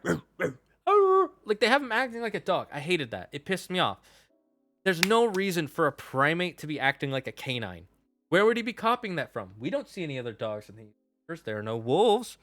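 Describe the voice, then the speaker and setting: Streaming a tier list, this young guy talks casually in a bright, forceful voice on the high side, full of opinions and quick to curse mid-rant when something annoys him. Faint music sits beneath a dry, close recording with no room sound.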